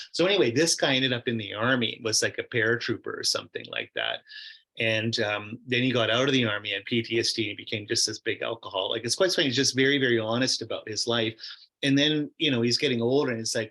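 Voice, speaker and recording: A middle-aged man, a Buddhist meditation teacher, telling a story in a relaxed, rambling way with many fillers and quoted asides during a question-and-answer discussion. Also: medium pitch, fast, poor audio.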